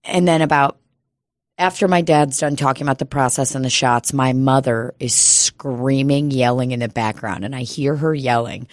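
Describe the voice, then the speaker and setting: A woman co-hosting a podcast, telling stories in a casual, profane, animated way. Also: a bass voice, normal speed, no room sound. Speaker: podcast co-host. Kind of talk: casual chat.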